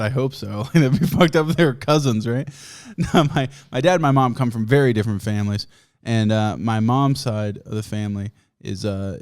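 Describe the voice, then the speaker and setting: A man's voice: on the low side, creaky, darkish tone. A man hosting a podcast, telling a rambling, profane story in a casual way and laughing often. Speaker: podcast host.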